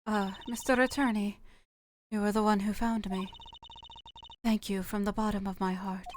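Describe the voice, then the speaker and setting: A woman voicing a soft-spoken, formal blind female singer in a fan game dub. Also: medium pitch, a little hiss or hum, close to an everyday voice. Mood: calm. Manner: calm, measured, formal.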